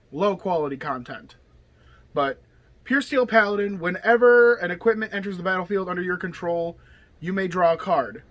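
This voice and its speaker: A man with a high-pitched, slightly bright voice hosts a deck tech, casually walking through his card game deck. It's chatty, rambling hobby video talk, peppered with okay and you know.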